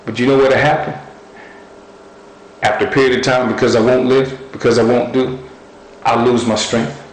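A man's voice: medium pitch, steady tone, normal speed, echoey room, low-quality recording. A man preaching a sermon, speaking earnestly and building his points through repetition.

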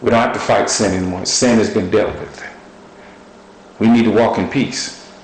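A man preaching a sermon, telling stories with animated delivery. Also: normal speed, roomy sound, slight background noise, rough recording. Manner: storytelling, animated with sudden high shouts.

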